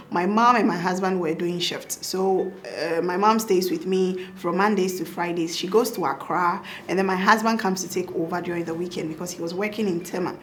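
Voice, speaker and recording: A young woman doctor with a Ghanaian accent, telling lively stories in a casual interview and laughing often. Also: on the low side, slight background noise. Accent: Ghanaian English. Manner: animated, laughing, acts out quotes. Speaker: pediatric doctor and mother, guest.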